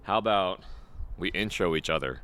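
A man from Oregon, a guest host, talks in a lively, loose, joking way in a casual interview. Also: low-pitched, moderate pace. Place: converted warehouse training center.

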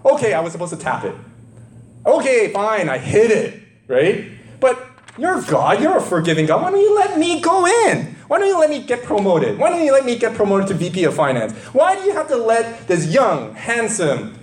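A man's voice: sits high, huge pitch swings, normal speed, pitched above the performer's own voice. A man voicing Moses as a whiny, pleading older man, in an echoing room. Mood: whining. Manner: whining, pleading, exaggerated.

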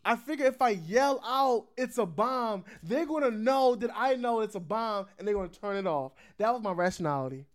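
A man hosting a podcast, telling a story in casual chat, animated and swearing, laughing often. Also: high voice, moderate pace, hardly any pauses. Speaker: podcast host.

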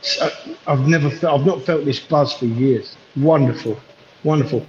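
A man's voice: mid-range voice, moderate pace, slight background noise. Man calling in from an echoey station. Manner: warm, affectionate, rambling. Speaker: caller on a fan podcast. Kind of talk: casual chat. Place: train station platform. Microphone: phone. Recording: echoey, muffled phone call from far off.

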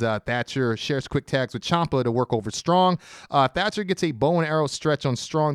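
A man's voice: mid-range voice, clear, resonant tone, no room sound, studio quality. A man co-hosting a casual podcast, giving a detailed play-by-play recap with frequent filler words. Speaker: podcast co-host. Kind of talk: casual wrestling podcast chat.

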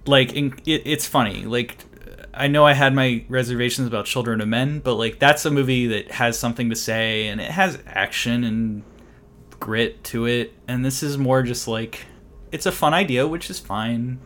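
A man's voice: medium pitch, normal speed, a bit bright. A man co-hosting a casual movie discussion, rambling with many fillers and restarts. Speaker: podcast co-host.

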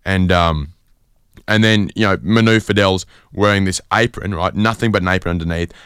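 A man from Sydney hosting a radio show, telling a rambling story in a deadpan style full of fillers. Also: sits low, moderate pace, smooth, no echo, studio quality. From Sydney, Australia. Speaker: radio host. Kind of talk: comedic casual radio chat.

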